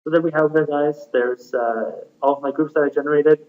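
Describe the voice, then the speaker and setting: A man presenting a step-by-step software screencast tutorial, explaining plainly with frequent fillers. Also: a little high, fairly even intonation, fairly quick. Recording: tinny phone-like audio.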